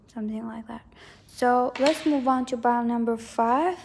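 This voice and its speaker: Woman doing a rambly tarot reading, kinda high voice with lots of gravel, keeps repeating stuff. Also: moderate pace, a little mellow, a little hiss or hum. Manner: rambling, hedging, repeats herself. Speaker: tarot reader. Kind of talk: casual psychic tarot reading.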